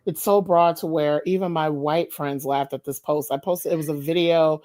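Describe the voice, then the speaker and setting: A woman hosting a book podcast talks with lively enthusiasm, full of casual fillers. Her voice sits slightly low. She comes across as a teacher who loves the material. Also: moderate pace. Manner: enthusiastic, animated, many fillers. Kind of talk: casual interview chat.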